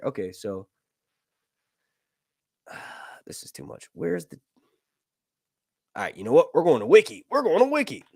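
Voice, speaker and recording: A young man hosting a casual live stream, chatting with viewers in a jokey, animated way and swearing casually. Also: a little high, unhurried, creaky, long pauses, no echo, clean studio sound. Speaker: YouTube host reading viewer chat.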